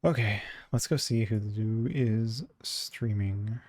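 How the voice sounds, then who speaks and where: A man's voice: lowish voice, slow, darkish tone, no room sound, clean studio sound. A man streaming and chatting casually, muttering to himself and swearing offhand as he browses.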